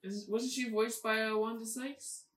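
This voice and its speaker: A woman's voice: on the high side, fairly even intonation, a little slow, recorded from a distance. A woman in a casual podcast chat, enthusiastic and laughing. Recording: echoey room, a little off-mic.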